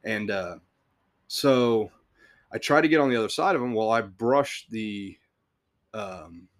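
Podcast guy with a lower voice telling a story, loose and rambly, cusses and laughs as he goes. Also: measured pace. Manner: rambling, swears, frequent restarts and chuckles. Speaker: podcast host telling work stories. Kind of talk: casual storytelling.

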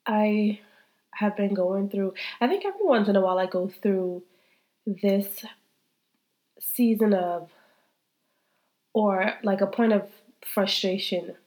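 A woman in her thirties hosts a faith-based podcast, speaking to listeners directly in a candid, heartfelt way and repeating herself, still congested from a cold. Her mid-range voice is a little mellow, and she moves slowly with long pauses.

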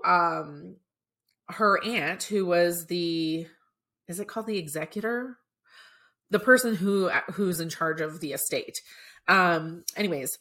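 A woman's voice: on the low side, a bit bright. A woman hosting a podcast, telling a story in a chatty, casual way with many filler words and moments of being choked up. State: choked up at times. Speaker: podcast host.

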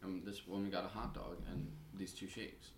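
A man co-hosting a podcast, telling stories in a casual, animated way and laughing often. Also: low-pitched, normal speed, reverberant, a little hiss or hum. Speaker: podcast co-host. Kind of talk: casual storytelling chat.

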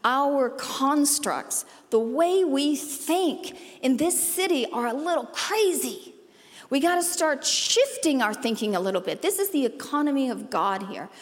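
A woman pastor giving a sermon, animated, playful and emphatic, with sudden jumps in pitch and loudness. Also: unhurried, in a large hall. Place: church auditorium.

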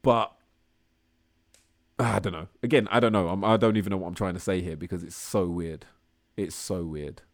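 A man's voice: moderate pace, long pauses. A man co-hosting a podcast in casual, swearing chat, often laughing. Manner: laughing, swearing, animated retelling with squealing high put-on voices. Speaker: podcast co-host.

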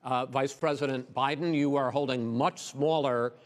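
Measured male debate moderator, hall reverb. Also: medium pitch, steady tone. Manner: measured, trying to keep order.

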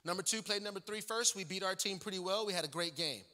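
Man, guest pastor, comic storyteller in a sermon; bright voice in an echoing sanctuary. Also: sits high, fast. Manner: joking, conversational, many fillers. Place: church sanctuary. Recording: long church-hall reverb.

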